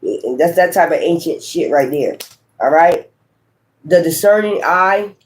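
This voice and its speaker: A man with a high voice gives a loose, profane spiritual reading. He speaks straight to his viewers with emphasis and keeps tossing in "right?" and "okay?" as he goes. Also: expressive, unhurried. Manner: frequent rhetorical tag questions. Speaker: tarot reader.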